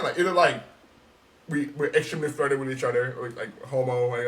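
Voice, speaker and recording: A man co-hosting a casual podcast, talking in an animated, emphatic and profane way. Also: mid-range voice, fast, recorded from a distance. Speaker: podcast co-host.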